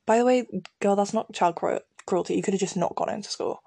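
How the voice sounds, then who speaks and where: A young woman chats casually and laughs at herself as she talks. Her voice carries a gravelly fry at the ends of phrases. The recording is close and dry, with no room sound. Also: mid-range voice, brisk, no room sound. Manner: giggly, self-mocking, animated. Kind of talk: casual chat, reading from an old diary.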